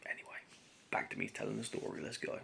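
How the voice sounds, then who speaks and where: A man's voice: quick pace, bright, forceful tone, in a whisper. A man telling a long, exasperated story to camera in a rambling, casual way, full of fillers. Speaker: vlogger telling a grievance story.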